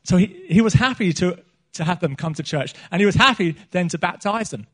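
A man's voice: high voice, animated, brisk, a bit bright. A middle-aged man, preaching a sermon in a church meeting and often restarting his phrases. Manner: earnest, repeats himself and restarts phrases.

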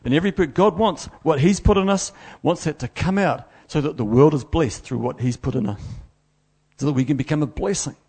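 Gravelly New preacher. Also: male voice, fairly high pitch, fairly quick. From New Zealand. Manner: storytelling, animated, self-deprecating. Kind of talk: sermon.

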